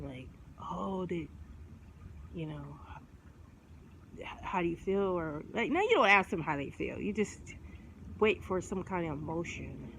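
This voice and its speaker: A woman's voice: sits low, creaky. A middle-aged woman vlogger chatting casually, rambling in slangy talk and laughing often. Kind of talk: casual chat. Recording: noisy background ambience.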